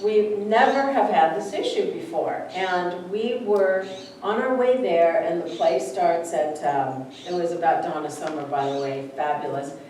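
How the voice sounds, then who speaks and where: A woman's voice: fairly low pitch, unhurried, a little mellow. A woman minister giving a chatty, story-filled sermon, often acting out the voices of people in her stories. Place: church sanctuary. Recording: echoey room, distant mic, faint background noise.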